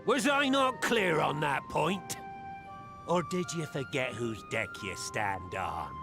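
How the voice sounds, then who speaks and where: An actor playing a weathered old male pirate captain who scolds and rallies his crew in gruff pirate speech for a game cutscene. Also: a little high, very animated, takes it slowly, full character voice. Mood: scolding. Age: older. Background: game music.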